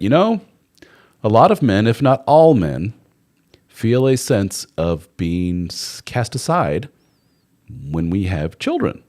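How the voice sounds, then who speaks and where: Man, very low voice, animated swinging intonation, live advice host, blunt and candid, casual swearing. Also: slow pace. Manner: acts out quoted people in mock voices.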